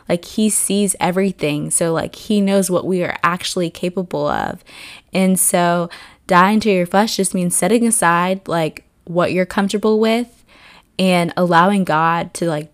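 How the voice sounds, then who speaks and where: A woman hosting a faith podcast, her voice a little hoarse with morning rasp. She talks in an earnest, rambling way with many "like" fillers. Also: fairly low pitch. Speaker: podcast host. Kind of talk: casual faith podcast reflection.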